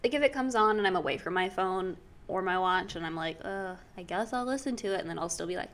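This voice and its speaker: A young woman co-hosts a casual podcast. She is chatty and teasing and laughs easily. Her voice sits in a middle pitch. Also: fast, a bit bright. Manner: chatty, laughs often, jokey. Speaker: podcast co-host. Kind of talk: casual chat.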